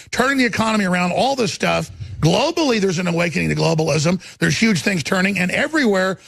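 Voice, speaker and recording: Gravelly heated male talk host. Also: high-pitched, fairly bright tone, no room sound. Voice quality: gravelly, husky voice. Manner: heated, rambling, repeats words. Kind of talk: impassioned political talk show monologue.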